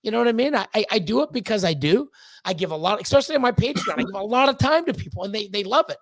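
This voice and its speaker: A man's voice: sits high, animated, very fast, a bit bright, no echo. A man talking as a podcast guest in a blunt, profane rant, often repeating words as he gets worked up. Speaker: podcast guest, snake breeder. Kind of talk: candid ranting conversation.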